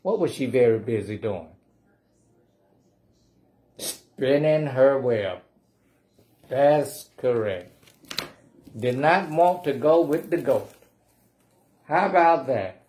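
A man's voice: mid-range voice, expressive, slow pace, pauses often, a little mellow. A man reading a picture book aloud at a library storytime, playfully coaxing the children to say the refrain along with him.

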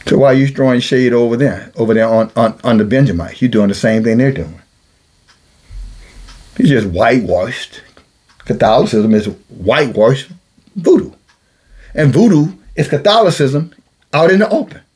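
A man's voice: mid-range voice, expressive, moderate pace, pauses often, darkish tone, breathy edge. A man preaching a blunt, scolding sermon, calling himself a watchman and repeating phrases for emphasis. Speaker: self-styled watchman preacher. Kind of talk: rebuking sermon monologue.

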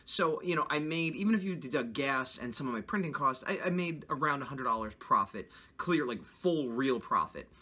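A man's voice: medium pitch, animated, normal speed, hardly any pauses, bright, forceful tone. A man chatting casually and offhandedly while vlogging on the scene at an outdoor convention. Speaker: artist and convention vendor. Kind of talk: on-the-scene vlog.

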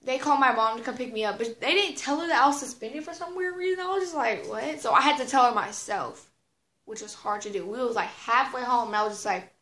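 A woman's voice: fairly high pitch, quick pace, fairly bright tone. A teenage girl telling a casual storytime, rambling with lots of fillers, slang and swearing. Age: teens. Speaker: vlogger. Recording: roomy echo.

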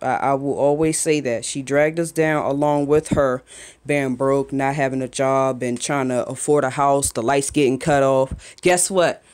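A young woman vlogging as a mother at home, talking candidly and emotionally with halting restarts, into a phone camera. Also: rumbling low, fairly even intonation, darkish tone. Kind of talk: emotional personal vlog. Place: home, just after a shower.

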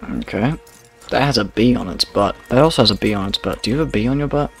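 A man's voice: medium pitch, quick pace, vocal fry, slightly rough, faint music behind. A man giving offhand, joking commentary while playing a video game. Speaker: gameplay commentator. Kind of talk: casual let's-play commentary.

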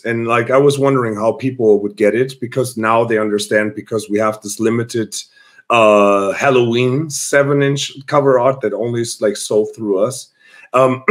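Guy rambling through a story on a podcast, mid voice. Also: medium pitch. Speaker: guest musician. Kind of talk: casual podcast chat.

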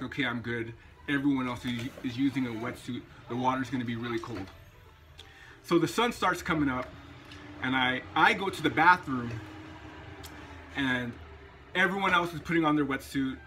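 A man's voice: medium pitch, pushed and bright. A man vlogging, telling a personal anecdote in a chatty, casual way. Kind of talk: casual storytelling vlog.

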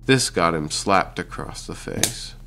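A man narrating an audiobook chapter with steady, unhurried reading. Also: sits low, creaky, soft background music. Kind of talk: scripted narration.

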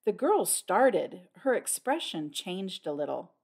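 A woman reading a classic mystery novel aloud as an audiobook narrator, with expressive delivery. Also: lowish voice, slow, gravelly, hardly any pauses, slightly rough.

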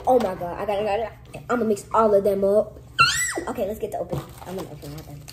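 A young woman chatting casually to camera in a vlog, lively and sometimes dropping to hushed whispers. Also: mid-range voice, rapid-fire, very noisy. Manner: lively, switches to hushed whispers when nervous. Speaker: vlogger.

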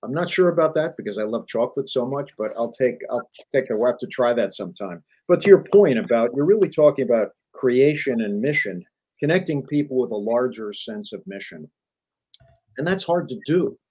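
A middle-aged man, a journalist and author, telling business stories in a lively, emphatic way as a guest on an interview show. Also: mid-range voice, fairly quick, slightly rough, poor audio. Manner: animated storyteller, emphatic repetition. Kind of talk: conversational interview.

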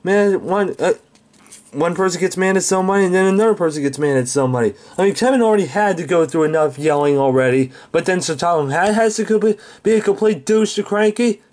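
Ranting, high-voiced male reviewer. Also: brisk, darkish tone. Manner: ranting, swearing, exasperated. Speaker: show reviewer. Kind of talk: angry video review rant.

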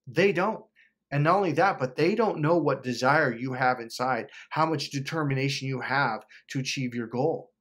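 Intense, profane man urging listeners. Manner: intense, profane, swings between loud urging and low muttering; acts out quoted voices of himself and others. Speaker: self-help vlogger. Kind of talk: passionate motivational monologue.

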